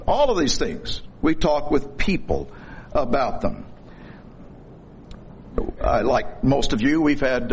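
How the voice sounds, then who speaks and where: A man's voice: mid-range voice, slight background noise. A middle-aged man preaching a sermon in a folksy, storytelling way, with corny jokes.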